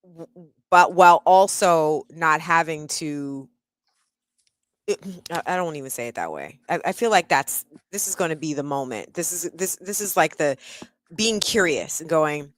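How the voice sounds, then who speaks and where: A woman's voice: low voice, expressive, moderate pace, no room sound. A woman hosting a casual video call, chatty, restarting her sentences and laughing easily. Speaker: host.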